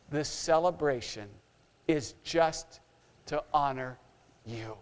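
A preacher voicing Jesus as a tender, tearful, loving man who speaks softly and slowly, choked with emotion. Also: on the high side, clear, resonant tone, voice pushed down. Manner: soft, slow and choked with emotion. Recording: long hall reverb.

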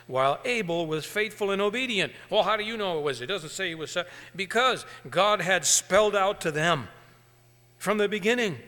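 A male preacher delivering a sermon with animated storytelling, swinging between hushed and emphatic. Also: fairly high pitch, in a large hall.

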